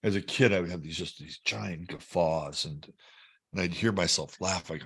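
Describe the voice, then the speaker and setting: A man's voice: low-pitched, moderate pace, creaky, a bit bright, breathy edge. A middle-aged man hosting an astrology show, talking in a chatty, jokey livestream style. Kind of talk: casual livestream chat.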